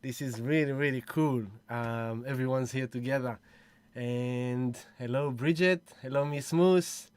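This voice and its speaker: A man's voice: mid-range voice, a little slow, darkish tone, clear, resonant tone, dry recording. Effusive man hosting a livestream. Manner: effusive, whooping, greets viewers by name. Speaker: livestream host. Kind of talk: casual livestream chat.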